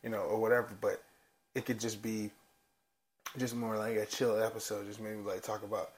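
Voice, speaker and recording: A man co-hosting a pop-culture podcast, talking in a relaxed, rambling way and laughing often. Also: on the low side, normal speed. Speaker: podcast co-host. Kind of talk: casual chat.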